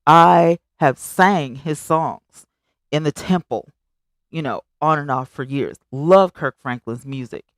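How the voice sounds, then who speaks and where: A woman speaks slowly as she hosts a live stream, reading viewer comments aloud and chatting with emphasis. Animated and direct, her voice climbs high on exclamations. The recording is clean studio sound with no echo.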